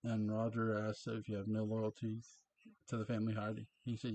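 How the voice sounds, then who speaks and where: A man's voice: on the low side, monotone, brisk, a little mellow, a little hiss or hum. A man casually recapping and reviewing a TV episode, chatty and chuckling at his own asides.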